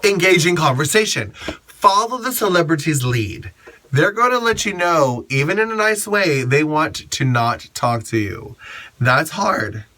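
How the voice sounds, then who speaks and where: A drag queen gives etiquette advice in a blunt, sassy vlog monologue and swears without hesitation. His voice is bright and sits a little high for a man, with a lively, conversational edge. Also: unhurried.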